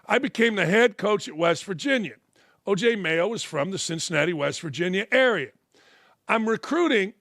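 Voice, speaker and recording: An older man delivers a sports talk monologue, blunt and sarcastic, his voice sitting fairly high for a man. The sound is dry and close, with no room around it. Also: lively intonation, normal speed, gravelly, fairly bright tone, no room sound. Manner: blunt, sarcastic and heated, acts out anecdotes. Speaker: sports talk show host. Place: studio.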